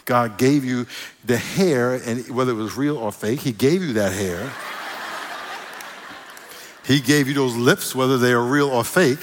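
A man's voice: mid-range voice, unhurried, long pauses. A man preaching a sermon as pastor, joking with the congregation and getting them to call back answers. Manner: playful, jokes with the congregation, call and response. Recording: long hall reverb.

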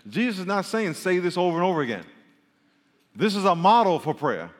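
A man's voice: high-pitched, animated, fairly quick. A man preaching a sermon to a congregation, reading scripture and explaining it in a humorous, conversational way. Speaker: pastor. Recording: long hall reverb.

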